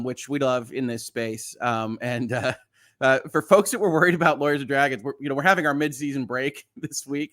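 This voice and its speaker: A man's voice: medium pitch, a bit bright. A middle-aged man hosting a casual livestream, chatting and reassuring viewers while reading their comments, often laughing. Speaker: host.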